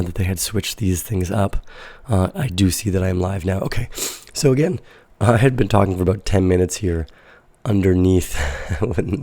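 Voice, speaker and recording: Raspy-voiced sick man streaming live. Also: deep voice, dry recording. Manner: relaxed, rambling with fillers. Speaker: crypto trading livestream host. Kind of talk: casual livestream market analysis.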